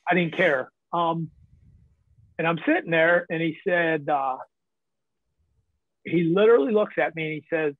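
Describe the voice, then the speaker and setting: A slightly high male voice from the northern United States tells loose, rambling stories as a podcast guest, moving at a moderate pace with long pauses. He chuckles and swears a lot, and the tinny phone-like line carries no room sound.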